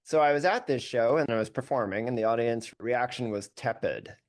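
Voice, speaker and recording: A man of ordinary pitch talking as a podcast guest. He tells his stories candidly and with animation, often poking fun at himself, into a podcast microphone. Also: brisk. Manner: candid, animated, self-deprecating. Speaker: musician guest. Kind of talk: casual storytelling interview.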